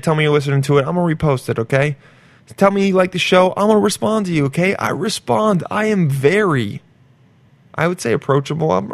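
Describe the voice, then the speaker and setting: A man's voice: a little high, gravelly, dry recording. A young man hosting a podcast, giving a profane, swaggering, pumped-up solo rant to his listeners. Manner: profane, swaggering, pumped-up preaching with sudden loud jumps. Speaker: podcast host.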